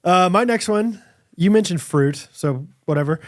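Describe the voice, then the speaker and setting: A man's voice: high-pitched, lively intonation, normal speed. A man co-hosting a podcast in casual chat, ranting in an emphatic, exasperated way. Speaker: podcast co-host.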